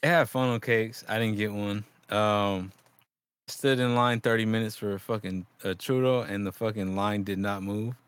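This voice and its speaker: Man, low voice, dry close mic, profane, animated storytelling. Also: normal speed, clear, resonant tone, no echo. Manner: animated, swears a lot, laughs often, slangy.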